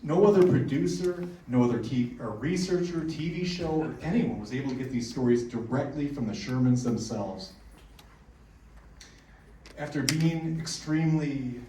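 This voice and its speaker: A man's voice: medium pitch, lively intonation, moderate pace, dark tone, slight background noise. Man telling ghost stories in an echoey hall. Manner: casual, joking storyteller with restarts. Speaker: conference presenter. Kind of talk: storytelling talk to a live audience. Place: packed conference room. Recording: echoey room, heard from far off.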